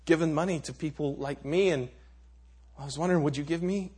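A man voicing a poor beggar who stammers nervously, then protests in a high, loud voice. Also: fairly quick, breathy edge. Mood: nervous pleading.

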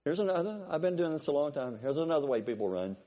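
A pastor in his sixties preaching a sermon, exhorting and building to forceful peaks. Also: on the high side, sing-song, quick pace, dull audio.

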